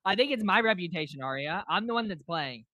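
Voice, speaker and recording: A man's voice: high voice, expressive, quick pace, sharp tone, no room sound. A man streaming a game, chatting casually and chuckling with his AI co-host. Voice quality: laid-back, chuckling. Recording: slightly muffled dry mic.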